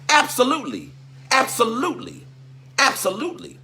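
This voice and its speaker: A man delivers an impassioned, preacher-like livestream talk. His voice is bright and slightly husky, and it swings widely in pitch as he hammers home repeated phrases. He calls out his viewers by name between points. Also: sing-song, normal speed. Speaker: teacher and livestream host.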